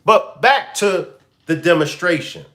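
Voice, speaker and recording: An animated man hosts a live-stream commentary. His voice is bright and fairly high for a man, his pitch swings widely, and he talks slowly, pressing the same question again and again. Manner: animated, repeats questions to the chat. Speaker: commentary show host.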